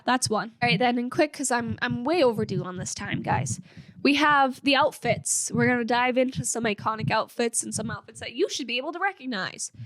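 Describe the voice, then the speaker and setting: A young woman hosts a fan podcast in a bright, fairly high voice, chatting casually with an upbeat, filler-heavy flow. Her sound is dry and close, with little room around it. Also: dry recording. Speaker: podcast host.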